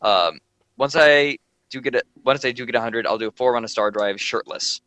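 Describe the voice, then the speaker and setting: A man's voice: mid-range voice, a little fast, sharp tone. A young man chatting casually on a livestream, rambling and poking fun at himself, with lots of "like". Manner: rambling, self-deprecating, lots of filler "like". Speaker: streamer and show regular.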